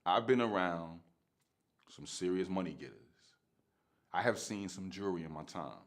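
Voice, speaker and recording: A man's voice: sits low, normal speed. A man, telling a story in casual, slangy street talk and laughing often.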